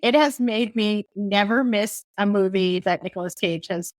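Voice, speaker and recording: A woman co-hosting a podcast in casual chat, halting and chatty with frequent laughter. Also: medium pitch, no echo, clean studio sound. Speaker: podcast co-host.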